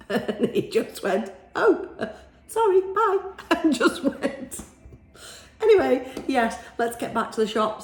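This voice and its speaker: A woman's voice: medium pitch, a little mellow. Chatty woman. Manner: chatty, rambling, laughs easily. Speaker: shop owner vlogger. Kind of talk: casual video diary. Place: small shop being renovated, indoors. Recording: echoey bare room.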